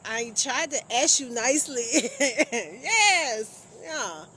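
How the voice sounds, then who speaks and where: A woman's voice: high voice, sing-song, slow pace, pushed and bright, a little hiss or hum. A woman hosting a casual live stream, chatting with viewers, teasing and laughing often.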